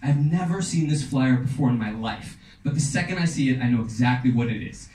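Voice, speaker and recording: A man's voice: mid-range voice, lively intonation, fairly quick, darkish tone, recorded from a distance. A young man telling a story on stage with a punchy, dramatic delivery. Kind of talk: live storytelling performance. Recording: echoey room, voice off-mic, faint noise.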